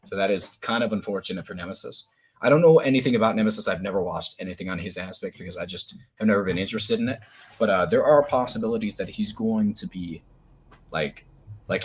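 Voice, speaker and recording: A young man co-hosting a podcast, giving opinionated, halting takes on esports teams. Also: on the low side, slight background noise. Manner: opinionated, hesitant restarts. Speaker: podcast co-host. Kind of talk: casual esports chat.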